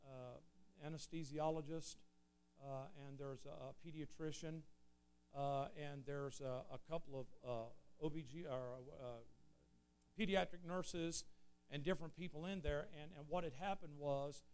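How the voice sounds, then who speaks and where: A preacher telling an earnest story in a sermon, swelling loud and then dropping low. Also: male voice, steady tone, a little slow, smooth. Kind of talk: sermon testimony.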